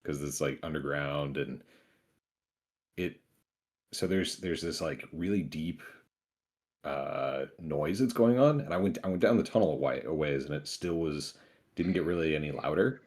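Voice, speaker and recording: A man's voice: very deep voice, moderate pace, darkish tone. A man playing a tabletop game, talking casually and rambling with restarts. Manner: rambling, hesitant, repeats himself. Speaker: player.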